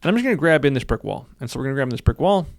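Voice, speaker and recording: A man teaching software in a screen-recorded tutorial, upbeat, narrating his clicks and often repeating phrases. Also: mid-range voice, sing-song, rapid-fire, creaky, no room sound, studio quality. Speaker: software instructor.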